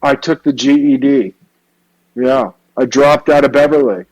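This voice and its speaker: A man telling stories in an interview, animated and casual with lots of slang. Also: medium pitch, a little slow, rough recording. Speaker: hairstylist guest. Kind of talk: storytelling interview.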